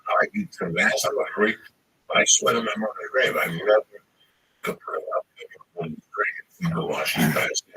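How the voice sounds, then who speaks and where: A man in loud, rambling, profane casual chat. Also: fairly low pitch, animated, normal speed, slight background noise, poor audio.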